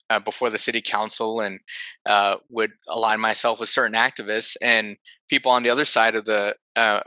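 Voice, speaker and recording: A man talking on a podcast in a thoughtful, animated way, often correcting himself as he goes. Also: mid-range voice, no room sound, poor audio. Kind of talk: casual conversation.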